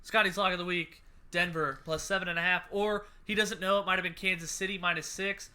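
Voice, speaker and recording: Excitable high-voiced podcast guy. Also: fairly quick, clear, resonant tone. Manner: energetic, excitable, riffing jokes. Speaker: podcast co-host. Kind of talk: casual sports betting chat.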